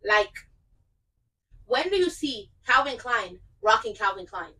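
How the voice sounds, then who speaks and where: A woman's voice: a little high, big pitch swings, unhurried, bright, forceful tone, a little hiss or hum, low-quality recording. A young woman chatting casually and playfully in a clothing try-on vlog, with joking asides. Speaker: vlogger.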